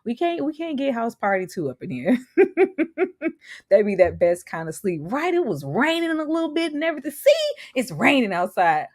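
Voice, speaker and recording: A woman's voice: fairly high pitch, big pitch swings, normal speed. A young woman hosting a casual TV review livestream, laughing often and greeting viewers by name.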